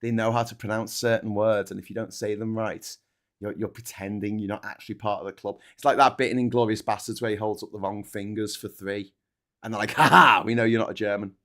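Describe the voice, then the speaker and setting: A man's voice: fairly low pitch, little pitch movement, fairly quick. A man hosting a casual political chat show, sarcastic and mocking, swearing freely. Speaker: political commentary host.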